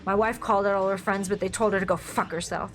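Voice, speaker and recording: A woman reading a dark comic story aloud in a wry, deadpan manner. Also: mid-range voice, fast. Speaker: story reader.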